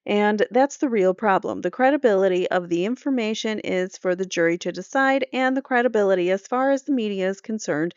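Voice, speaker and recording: A woman's voice: medium pitch, a little mellow, clean tone, no room sound, highs cut off. A woman hosting a court channel, reading trial transcripts aloud and breaking off for opinionated, conversational commentary. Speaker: true crime court channel host.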